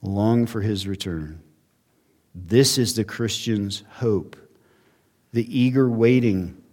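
Man, pastor, low voice, earnest sermon, swells and falls, church sanctuary. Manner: earnest preaching with emphatic rises and quiet drops.

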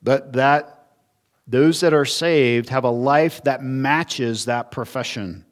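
A man's voice: medium pitch, slow. A man preaching an expository sermon as pastor, in an earnest teaching manner that poses rhetorical questions and shifts his emphasis often.

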